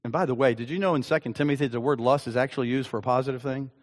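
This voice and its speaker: A male pastor delivering a sermon with a personal story, earnest and halting, with frequent ums. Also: medium pitch. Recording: long hall reverb.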